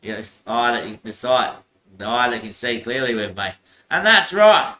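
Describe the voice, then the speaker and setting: A man's voice: mid-range voice, steady tone, normal speed, bright, forceful tone, roomy sound. A man in a rambling monologue, repeating himself, swearing and laughing often.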